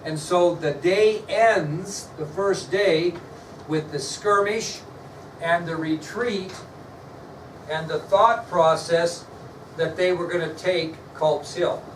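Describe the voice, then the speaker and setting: A male history teacher lecturing a class, quizzing students and spelling words out slowly. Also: sits high, slight background noise. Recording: echoey classroom, mic far off, faint ambience.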